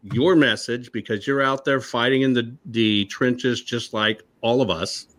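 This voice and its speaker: A man hosts a talk show in a middle-pitched, everyday voice. He sets up the break and draws out key words slowly for emphasis. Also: a bit bright.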